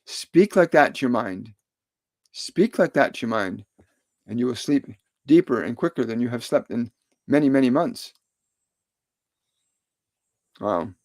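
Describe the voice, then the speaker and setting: A middle-aged man, a spiritual medium, answers viewer questions in a live stream with calm, repetitive, soothing instructions. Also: medium pitch, a little slow, long pauses, dry recording.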